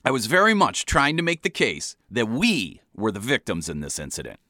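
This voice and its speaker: A man reading his own comic memoir aloud in a wry, deadpan storytelling manner. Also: mid-range voice, moderate pace, dry recording, studio quality.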